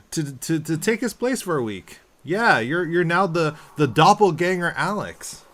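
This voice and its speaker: Animated man hosting a podcast. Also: a little high, a little slow. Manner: animated, rambling with many restarts. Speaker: podcast host. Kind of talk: casual podcast chat.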